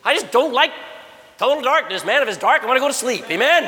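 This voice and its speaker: A middle-aged man delivers a sermon to young listeners in a big hall. His voice sits high and swoops constantly, shifting from quiet, close asides to forceful exhortation. A long reverb tail follows his words around the room. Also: quick pace. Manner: animated, swings from low murmurs to loud exhortation. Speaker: preacher at a youth camp.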